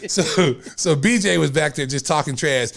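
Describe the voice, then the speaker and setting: A man's voice: fairly high pitch, moderate pace, creaky, fairly bright tone. A middle-aged man hosting a podcast, telling stories with lots of laughter and acted-out quotes. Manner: laughing storyteller, acts out quotes. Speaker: podcast host. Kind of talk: animated storytelling chat.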